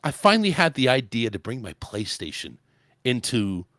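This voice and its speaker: In a casual talk show rant, an American male host vents with anger and plenty of profanity about his sales job. His mid-range voice is sing-song and fairly bright at a moderate pace, captured in clean studio quality without echo.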